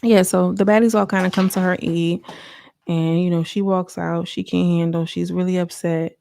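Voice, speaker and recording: Chatty woman reviewer with a fry-edged, gravelly voice, loose and full of fillers. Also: on the low side, normal speed, no echo. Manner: chatty, filler-heavy, animated asides. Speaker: YouTube reality-show reviewer. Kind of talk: casual reality TV recap.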